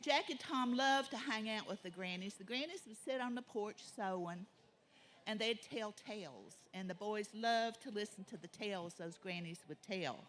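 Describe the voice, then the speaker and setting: A woman telling a mountain folk tale in a warm drawl. Her delivery is folksy and unhurried, drawing out the lists and pausing to let the words land. She sounds like a live oral storyteller. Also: mid-range voice, animated.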